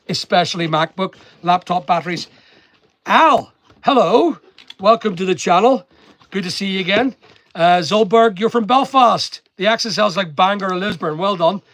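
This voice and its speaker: A man's voice: high voice, fairly bright tone. A man with a mixed London and Northern Irish accent, chatting casually on a live stream as an online seller, rambling and greeting viewers by name while he works in a packing room. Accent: London and Northern Irish mix.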